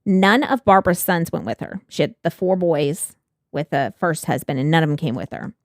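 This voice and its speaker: Woman, true-crime podcast co-host, lower voice, animated, dry studio sound. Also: moderate pace, no room sound. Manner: laughs often, swears freely, animated.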